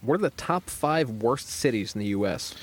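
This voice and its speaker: A man co-hosting a podcast in casual chat, animated and swearing freely. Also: mid-range voice, moderate pace, slightly rough. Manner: animated, swears a lot, laughs loudly. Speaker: podcast co-host.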